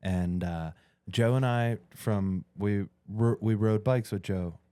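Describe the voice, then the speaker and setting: A man's voice: fairly low pitch, slow pace, mellow, clean tone, no room sound. A man in his thirties telling a story in casual podcast chat, swearing freely and acting out his own thoughts. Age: 30s. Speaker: podcast co-host.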